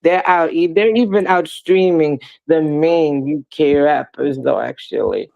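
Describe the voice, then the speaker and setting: Gravelly-voiced man explaining music. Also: on the high side, unhurried, muffled recording. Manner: explains at length, many repeated "though"s. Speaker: guest promoting music. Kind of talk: casual chat.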